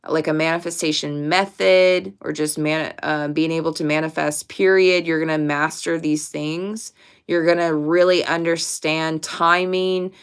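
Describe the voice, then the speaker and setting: A woman's voice: lowish voice, fairly bright tone, clean tone. A woman giving a casual pick-a-card tarot reading to camera, speaking directly and emphatically and swearing casually. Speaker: tarot reader.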